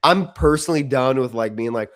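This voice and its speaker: A man's voice: mid-range voice, a little fast, a bit bright. Male sports podcast co-host, medium voice, casual chat, strong opinions, restarts mid-sentence. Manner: opinionated, restarts often, many likes.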